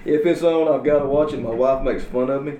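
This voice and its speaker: A man's voice: medium pitch, a little fast, mellow, distant mic. A man in casual chat, eagerly retelling movie scenes. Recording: echoey room with faint background noise.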